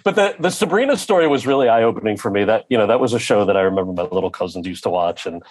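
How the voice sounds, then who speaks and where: Brief: male guest actor, husky tone, animated storyteller, voices his quoted characters. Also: lowish voice, fast. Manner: animated, acts out quoted people in his anecdotes. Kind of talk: conversational storytelling.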